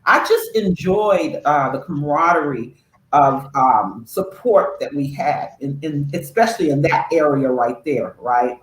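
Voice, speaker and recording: An older woman co-hosting a casual chat, speaking with lively encouragement about former students. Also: sits low, unhurried. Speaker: co-host, former school staff. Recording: echoey room with faint noise.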